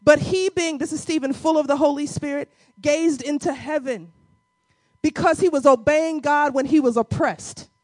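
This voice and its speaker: High-voiced woman preaching with fervor. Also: normal speed, no room sound. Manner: swings from quiet teaching to shouted, crying exhortation; colloquial, addresses congregation as y'all. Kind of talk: sermon.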